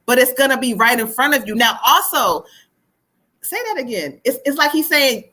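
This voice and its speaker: Woman, psychic reader, bright and forceful voice, somewhat high pitch, chatty, laughs a lot. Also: animated, fairly quick, rough recording. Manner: chatty, laughs often, relays spirit messages. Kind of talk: live-stream tarot reading.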